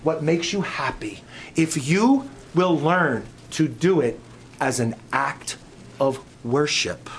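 A middle-aged man preaching a sermon, telling stories and swinging between loud emphatic peaks and soft low asides. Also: animated, slow pace, slight background noise. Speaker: pastor.

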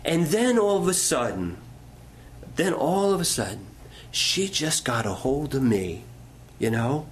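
A man's voice: fairly high pitch, sing-song, unhurried, slight background noise. A middle-aged male pastor preaching a sermon, telling stories in a folksy way and asking the congregation questions.

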